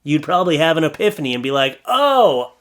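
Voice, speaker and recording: A man's voice: on the high side, very fast, a bit bright. A man hosting reaction commentary, sarcastic and exasperated, mocking what he reads. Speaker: commentary host.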